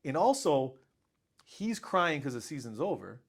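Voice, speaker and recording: Middle-aged man, school principal guest; animated storyteller who voices the quotes himself. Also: fairly high pitch, unhurried, vocal fry, breathy edge. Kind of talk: casual storytelling conversation.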